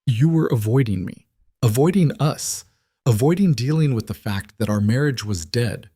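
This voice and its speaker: A man's voice: mid-range voice, lively intonation, moderate pace, dark tone, breathy edge, dry recording, studio quality, pitched above the performer's own voice. A man voicing a dismissive ex-husband who speaks in a curt, matter-of-fact way. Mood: cold.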